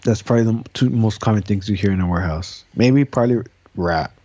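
A man chatting casually on a podcast, halting and repeating words, swearing now and then. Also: on the low side, warm tone, husky, no room sound, dull audio. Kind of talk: casual chat.

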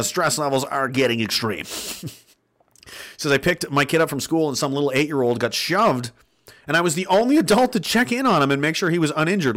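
A man's voice: medium pitch, fairly bright tone. A man in his thirties hosting a stream, reading chat messages aloud and ranting with a lot of profanity. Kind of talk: casual livestream rant.

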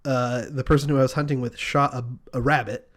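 A man in casual comedic chat, playfully pitching a made-up movie plot and doing quick voices. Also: fairly even intonation. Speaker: podcast co-host.

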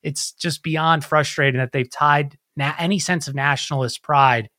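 Guy venting about politics, kinda high voice, dry sound. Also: steady tone, normal speed, sharp tone, no room sound. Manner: frustrated, emphatic, with restarts. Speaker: podcast co-host. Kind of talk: casual political chat.

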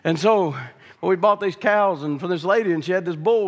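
A male preacher, telling a folksy story in his sermon that builds into shouted preaching. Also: sits high, a little fast. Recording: long reverb of a large hall.

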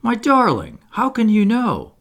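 A man reading aloud voices a gentle grown woman who speaks in a faltering, apologetic way. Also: high-pitched, huge pitch swings, unhurried, voice pushed up, exaggerated voice. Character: Wendy, gentle grown woman, guilty and tender.

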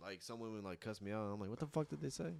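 A young man as a podcast guest, halting and laid-back in casual chat. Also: fairly low pitch, lively intonation, creaky, darkish tone, no echo.

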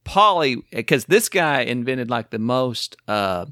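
A man co-hosting a casual podcast chat, rambling excitedly through a history tangent. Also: mid-range voice, takes it slowly, no room sound, studio quality. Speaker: podcast co-host.

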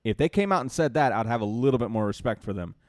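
A man's voice: medium pitch, lively intonation, fast talker, no room sound, studio quality. A man co-hosting a podcast, talking casually and getting heated, ranting and swearing freely. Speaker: podcast co-host. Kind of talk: casual chat.

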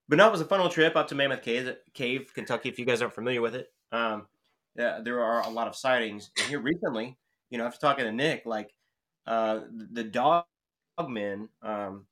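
A man with a somewhat low voice talks casually on a podcast, rambling and hesitant. He restarts his sentences and fills gaps with ums and likes. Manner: excitable, laughs often when telling the story.

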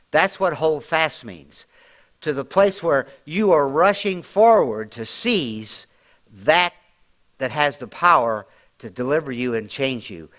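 Folksy preaching man, swelling voice. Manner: preaching with strong swells of volume and pitch; folksy, plain-spoken, drops into quiet asides. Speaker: pastor. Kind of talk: sermon.

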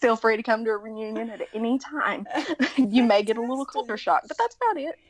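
A woman's voice: a little high, expressive, fairly quick. A woman with a Southern accent, folksy and self-mocking, laughing often in a casual chat. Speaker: casting member of a show.

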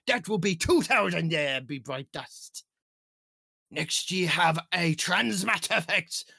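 A man's voice: sits high, expressive, takes it slowly, gravelly, sharp tone, dry recording, clean studio sound, full character voice. A man putting on a hammy pirate captain voice, growling "arr" as he reads out a list. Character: gruff male pirate captain reading a store list. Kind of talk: goofy pirate voice bit.

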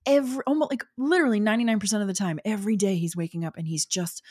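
A woman's voice: mid-range voice, very fast, mellow, husky. A woman in her forties telling personal stories as an interview guest, chatty with many fillers and frequent laughter. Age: 40s. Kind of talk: casual storytelling interview.

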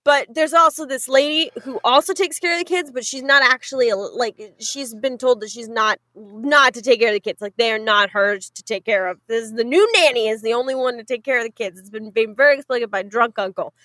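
High-voiced woman recapping a show. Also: no room sound. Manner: animated storyteller acting out characters in quick put-on voices. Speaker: podcast host recapping a show. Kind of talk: casual chat.

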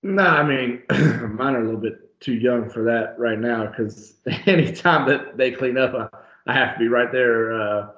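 A man's voice: medium pitch, normal speed. A man co-hosting a podcast, chatting in an easygoing way and laughing between phrases. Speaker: podcast co-host. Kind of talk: casual chat. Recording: roomy, dull lo-fi audio.

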